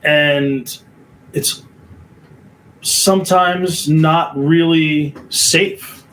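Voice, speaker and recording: Man, podcast host, casual chat, unhurried and measured, high voice. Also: fairly even intonation, fairly bright tone, a little hiss or hum, poor audio.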